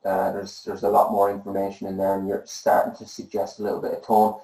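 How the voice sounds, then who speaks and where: A man giving gentle, encouraging feedback on student drawings as an art tutor, pausing often with fillers. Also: low-pitched, monotone, gravelly, reverberant, low-quality recording.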